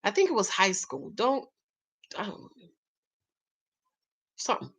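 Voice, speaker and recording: A woman's voice: mid-range voice, wildly swooping pitch, a little slow, pauses often, fairly bright tone, husky. A woman vlogger chatting casually while reading viewer comments, emphatic and talkative, often adding "okay?". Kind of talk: casual live-stream chat.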